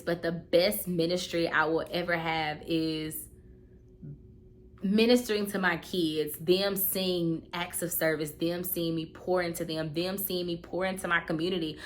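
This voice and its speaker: A woman in her thirties, her voice on the low side with fairly even intonation, speaks unhurriedly to her viewers in a casual talking-to-camera vlog. She sounds earnest and heartfelt, often circling back to repeat phrases for emphasis.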